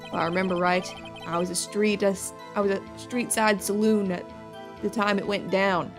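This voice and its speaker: A relaxed cowboy lawman drawls his way through a courtroom, as a woman puts him on. The voice sits at a middling pitch with light game music underneath. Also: normal speed, natural voice. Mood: drawling. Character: drawling laid-back cowboy detective man. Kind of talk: voicing game dialogue.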